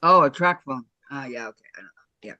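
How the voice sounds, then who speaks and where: A woman's voice: very deep voice, expressive, a little fast, no room sound, dull audio. A woman hosting a casual video call who chats, reads viewer comments aloud and laughs easily. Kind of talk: casual chat.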